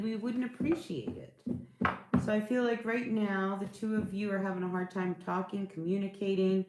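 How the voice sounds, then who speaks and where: A woman's voice: medium pitch, level tone, normal speed, a little mellow, reverberant. A woman doing a casual tarot reading, rambling and searching for words, reassuring her listeners. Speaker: tarot reader.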